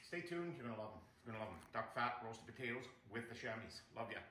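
A man's voice: mid-range voice, sing-song, fast talker, slight background noise. A man hosting a casual cooking demonstration in his home kitchen, chatting away and calling his viewers "you guys". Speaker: cooking show host. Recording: echoey kitchen with loud frying sizzle.

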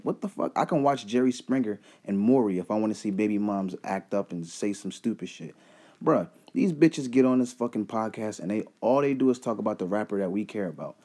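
A man's voice: medium pitch, mellow. A man giving a profane, exasperated rant as a commentary vlogger. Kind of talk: ranting commentary.

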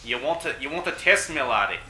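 A man putting on a gruff Scottish challenger. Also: medium pitch, expressive, brisk, sharp tone. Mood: taunting. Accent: Scottish, put on. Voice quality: mock-threatening. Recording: roomy with faint noise.

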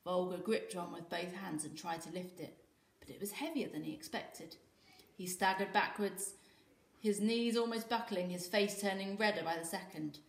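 A British woman teacher reading a children's story aloud in an expressive, lively way. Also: fairly low pitch, moderate pace, gravelly, roomy sound. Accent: British English. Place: school room.

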